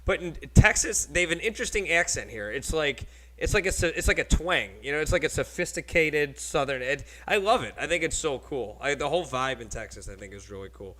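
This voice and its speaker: Man, podcast host, bright voice, rambling casual storyteller, laughs a lot. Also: a little high, expressive, fairly quick, poor audio.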